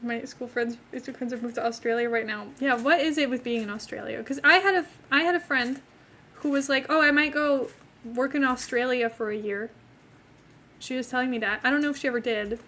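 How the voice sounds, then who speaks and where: A woman's voice: fairly high pitch, fast talker, bright, forceful tone, a little hiss or hum. A young woman streamer chats casually with her viewers while playing a life-sim game. She rambles from topic to topic and talks to both her chat and the game's characters. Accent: not from England.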